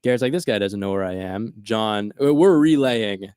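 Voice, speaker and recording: A man's voice: lowish voice, expressive, normal speed, darkish tone, clear, resonant tone, no room sound, studio quality. A man co-hosting a casual chat, telling a long story and acting out his friends' lines. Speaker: podcast co-host.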